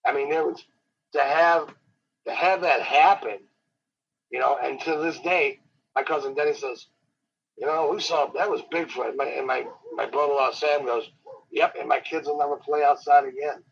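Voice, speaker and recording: Husky-voiced man telling a wild story. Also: medium pitch, steady tone. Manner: rambling, dramatic, slows down for suspense. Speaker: professional wrestler guest. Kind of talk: animated storytelling. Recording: dull lo-fi interview audio.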